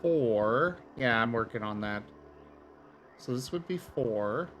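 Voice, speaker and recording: A man's voice: mid-range voice, expressive, slow, fairly bright tone, slight background noise. A man co-playing a puzzle game in casual chat, thinking aloud as he works it out. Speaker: co-player on a game stream.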